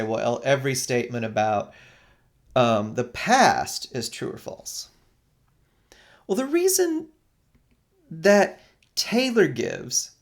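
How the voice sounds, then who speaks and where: A lecturer talks through a logic lesson with a lively pitch that climbs and drops often. The delivery is conversational and explanatory, full of asides and repeated checks with the class. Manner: animated, explanatory, asks "right?" often. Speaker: philosophy lecturer. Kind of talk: recorded lecture.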